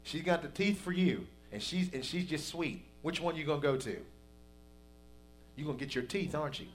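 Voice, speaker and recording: Folksy preaching man, slightly high voice. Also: normal speed, slight background noise. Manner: folksy, conversational preaching with rising emphasis. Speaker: pastor. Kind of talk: preaching a sermon.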